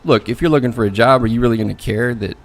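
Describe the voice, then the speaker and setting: A man's voice: mid-range voice, quick pace. A man venting casually about a bad job interview, swearing and mocking people as he talks. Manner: venting, mocking voices in quotes, swears, loose and conversational. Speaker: coding learnalong streamer. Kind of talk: casual rant.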